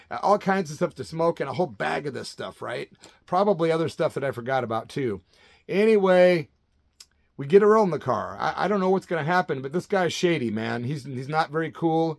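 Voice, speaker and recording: A man's voice: a little high, dry recording. A man in his late fifties, a channel host from Central Illinois, telling a story casually and animatedly, ending his sentences with "man". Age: 50s. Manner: animated, says "man" constantly.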